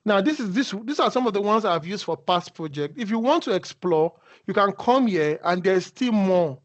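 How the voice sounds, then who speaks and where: A man with a fairly high voice walks through a tutorial over a video call. He talks conversationally and often breaks off to restart his sentences. The call audio is muffled and dull. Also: animated, normal speed. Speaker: instructor. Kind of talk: casual screen-share tutorial.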